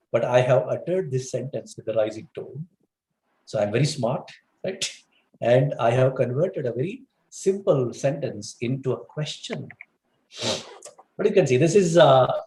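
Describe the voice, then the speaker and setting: A man from India giving a lecture on English, explaining at length with lots of "you know" and "for that matter", his pitch rising and falling for emphasis. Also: darkish tone, echoey room, rough recording. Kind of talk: recorded lecture.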